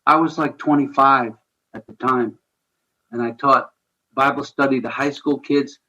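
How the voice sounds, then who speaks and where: A man, a radio show guest, tells a personal story in an earnest, candid way, with quick bursts and quiet asides. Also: medium pitch, steady tone, highs cut off.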